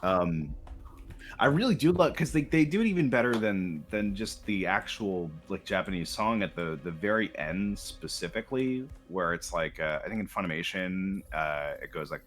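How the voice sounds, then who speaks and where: A man chatting casually during a game stream, halting and full of ums and uhs. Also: sits low, expressive, soft background music. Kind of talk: casual chat while gaming.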